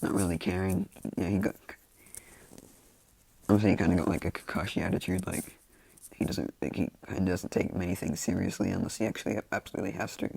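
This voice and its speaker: A man's voice: low voice, level tone, brisk, gravelly, darkish tone, breathy edge. A man casually telling a fan story, rambling and full of fillers.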